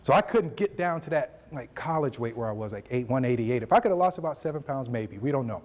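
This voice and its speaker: A man in his forties giving a motivational speech at a university event, telling his story with animated delivery and acting out conversations. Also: medium pitch, fast talker, dull audio. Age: 40s. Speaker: motivational speaker.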